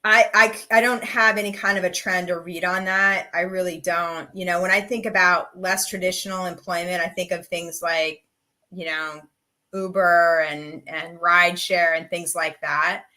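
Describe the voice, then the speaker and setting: A woman's voice: lowish voice, little pitch movement, normal speed, pushed and bright. A middle-aged woman career coach presenting a live webinar, talking candidly and chattily with lots of "like" and "you know". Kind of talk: casual live webinar talk.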